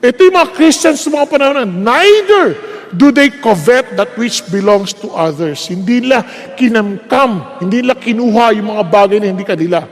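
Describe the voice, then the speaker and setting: A man's voice: extremely high pitch, animated, a little fast, long reverb tail. A man with a Filipino accent preaching a sermon, mixing English and Tagalog and driving points home with emphatic words and rhetorical questions. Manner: emphatic, stresses key words.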